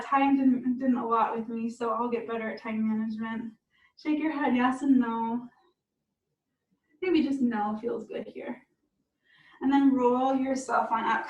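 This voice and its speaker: A woman's voice: high-pitched, echoey room, recorded from a distance, low-quality recording. A woman fitness instructor leading an online cool-down and stretch class, encouraging and upbeat, laughing often. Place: room at home on a video call.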